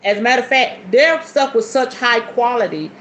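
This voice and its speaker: Podcast host, woman, 40s, lively and talky, slightly high pitch, light background noise. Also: roomy sound, low-quality recording. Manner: chatty, animated, calls listeners honey and y'all; sudden whoops and shifts between fast and slow. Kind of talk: casual spiritual podcast chat.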